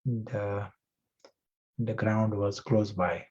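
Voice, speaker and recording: A male spiritual teacher giving a class, reflective and gentle, telling a parable and asking his listeners questions. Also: on the low side, fairly even intonation, drawn-out words, husky. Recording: muffled lo-fi recording.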